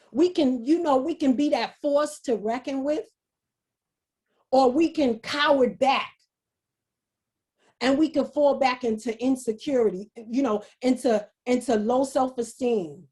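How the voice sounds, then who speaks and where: Slow high-voiced woman giving a motivational talk. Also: dark tone. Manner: repetitive, halting, earnest. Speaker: speaker. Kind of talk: motivational talk on a video call. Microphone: video call.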